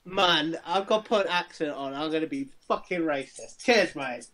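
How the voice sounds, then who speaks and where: Chatty podcast co-host who swears. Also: male voice, a little high, moderate pace, bright, forceful tone. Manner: swears freely, upbeat plugging of the show. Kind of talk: casual chat.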